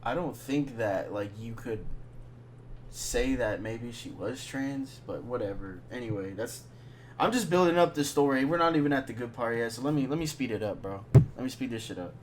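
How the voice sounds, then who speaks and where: A young man telling a rambling, slang-filled story in a casual monologue, dropping to a hush when he quotes his friend. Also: medium pitch, lively intonation, normal speed, a little hiss or hum. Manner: slangy, rambling, drops to hushed tones when quoting.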